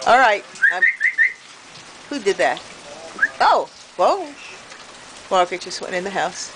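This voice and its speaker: Middle-aged woman, slow lowish voice, baby talk to pet birds, camera audio with rain noise. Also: expressive. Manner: sing-song baby talk to birds, with frequent laughs. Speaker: bird owner filming her pet birds. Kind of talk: casual talk to pets. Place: outdoors on a porch in the rain. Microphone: handheld camera. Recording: noisy outdoor camera audio. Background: rain and bird sounds.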